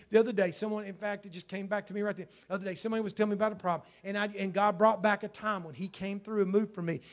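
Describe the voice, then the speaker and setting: A high-pitched man preaches a fervent sermon as a pastor. He swings between hushed lines and loud, emphatic ones.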